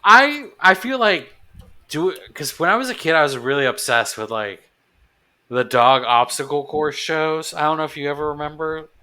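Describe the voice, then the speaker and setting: A man's voice: a little high, expressive, normal speed, sharp tone. A man co-hosting a podcast, chatting casually and hesitantly, breaking into easy laughter. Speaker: podcast co-host. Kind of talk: casual chat.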